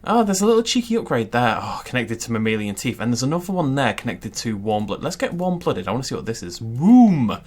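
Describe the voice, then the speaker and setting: A man hosting a gaming channel, giving chatty, excitable let's-play commentary and laughing often. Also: mid-range voice, fast, hardly any pauses.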